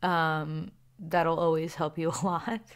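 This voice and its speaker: A woman with a Southern American accent chats through viewer questions in a loose, rambling way. She often breaks into small laughs between thoughts. Her voice sits a little on the low side. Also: fairly even intonation, slow, clean tone. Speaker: YouTuber answering viewer questions. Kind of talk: casual Q&A chat.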